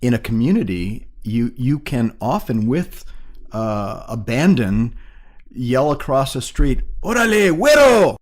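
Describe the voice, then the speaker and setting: A man's voice: medium pitch, lively intonation, slow, darkish tone. An older man, a poet guest on a podcast, explaining ideas in casual conversation with frequent restarts.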